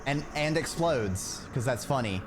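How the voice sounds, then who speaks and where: A man's voice: mid-range voice, expressive, measured pace, music in the background. A man streaming a video game, chatting casually and playfully, muttering to himself as he plays. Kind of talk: casual gameplay chat.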